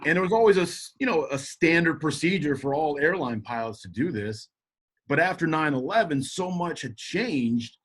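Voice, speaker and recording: A middle-aged man telling a story as a podcast guest, animated and jokey, acting out quotes in shifting voices. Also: on the high side, moderate pace, breathy edge. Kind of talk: casual storytelling.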